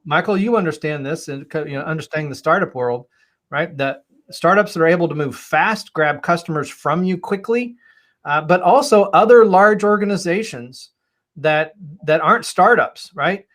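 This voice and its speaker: Man, webinar panelist, emphatic and persuasive, slightly high voice. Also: moderate pace, fairly bright tone. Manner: emphatic, persuasive, repeats words when starting. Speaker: webinar panelist, agile consultant.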